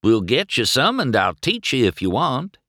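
A man's voice: mid-range voice, huge pitch swings, normal speed, bright, forceful tone, no room sound, studio quality, voice pushed up, exaggerated voice. A man reading a storybook aloud, voicing a goofy, boastful country tow truck who teases in a folksy, sing-song drawl. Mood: teasing.

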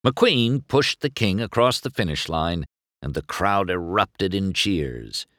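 A man reading a storybook aloud as narrator in an expressive storytelling manner. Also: low-pitched, takes it slowly, no echo, studio quality.

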